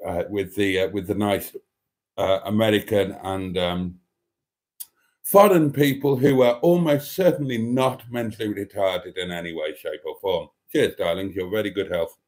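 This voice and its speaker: A man's voice: low voice, fairly even intonation, normal speed, darkish tone. Rambling man reading chat. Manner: wry and rambling, many hesitations and chuckles. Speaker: live stream host. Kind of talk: casual live stream chat, reading out viewer comments.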